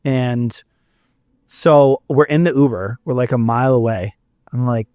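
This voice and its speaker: A man's voice: mid-range voice, a little slow, darkish tone, no echo, clean studio sound. A young man from Florida, a musician guest on a podcast, telling a long rambling story with restarts and quoted dialogue. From Fort Myers, Florida. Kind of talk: storytelling in a casual podcast interview.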